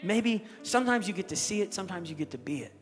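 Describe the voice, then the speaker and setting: A male pastor voicing a grieving, gentle man of faith, speaking quietly and tenderly. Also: sits high, expressive, fast talker. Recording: echoey hall with music underneath.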